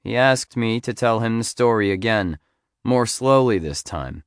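A man reads a first-person memoir aloud in a measured, storytelling manner. His voice is low and smooth and resonant, recorded close on a dry studio mic. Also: a bit bright, no room sound. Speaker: audiobook narrator.

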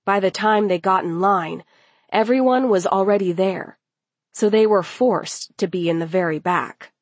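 Slow, steady woman reading a story. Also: mid-range voice, no echo. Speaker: narrator.

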